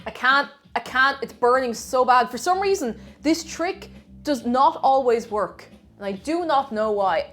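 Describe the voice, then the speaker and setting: Casting: woman, somewhat high, very animated voice, chatty livestream cook. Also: moderate pace, slight background noise. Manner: chatty, greets viewers, laughs at herself. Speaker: streamer. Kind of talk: casual chat while cooking on a livestream.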